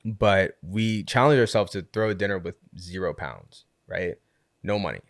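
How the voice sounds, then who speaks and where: A man with a fairly low voice tells a story on a podcast, casual and lively, with constant "like"s and little acted-out quotes. The recording is close and dry, with no room sound around him. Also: normal speed, no room sound. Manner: animated storyteller, heavy use of "like", acts out quotes. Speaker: podcast guest, community co-founder.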